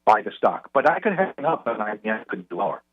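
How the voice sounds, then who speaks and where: A man calling in to a radio show as a guest financial commentator, explaining in a measured way with frequent restarts. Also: mid-range voice, big pitch swings. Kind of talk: phone-in radio chat. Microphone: telephone call. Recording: tinny phone line.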